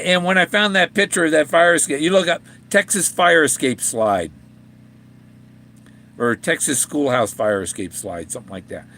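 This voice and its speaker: Fairly high and a bit bright, the voice belongs to an older man vlogging about the treasure hunt he authored. His casual monologue wanders, punctuated by chuckles and restarted sentences.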